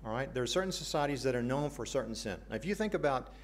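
Fast and animated, this mid-range voice belongs to an American pastor giving a sermon with real earnestness. Between points he tosses in light humor and asks the congregation questions.

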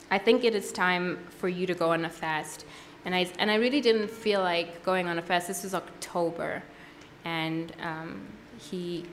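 A woman sharing her personal testimony at a worship service, earnest and halting, with frequent pauses and restarts. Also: lowish voice, slight background noise. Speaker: church testimony speaker.

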